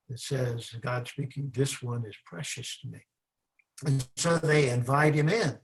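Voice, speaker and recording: Male minister, mid-pitched voice, unhurried reflective sermon delivery with long pauses. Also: low-quality recording. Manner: slow, reflective preaching with dramatic pauses.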